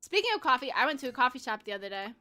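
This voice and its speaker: A woman's voice: sits high, big pitch swings, rapid-fire, pushed and bright, faint music behind. A woman in her twenties chatting casually on a gaming livestream, bubbly and giggly, rambling with lots of fillers. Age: 20s. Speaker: streamer.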